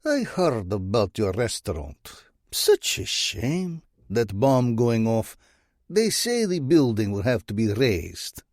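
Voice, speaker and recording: A drawling Russian-accented crime boss, sly and menacing, taunting from a higher, thinner register than the deep storyteller's own, as a male narrator puts him on. His voice sounds slightly distant and set apart, as if heard over the line, mocking every word. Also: very animated, slow, a little mellow, dry recording, clean studio sound. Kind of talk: audiobook character voice.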